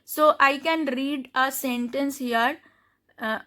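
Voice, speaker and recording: Slow, bright-voiced woman teaching pronunciation. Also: sits high, steady tone. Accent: Indian English. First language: Hindi. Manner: spells out letters and repeats each word slowly. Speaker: French teacher. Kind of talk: slow step-by-step pronunciation lesson.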